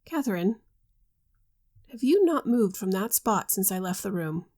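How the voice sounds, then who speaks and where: A woman reading the part of a grave young husband troubled by a mysterious voice, in a measured, earnest way and in her own voice. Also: medium pitch, very animated, mellow.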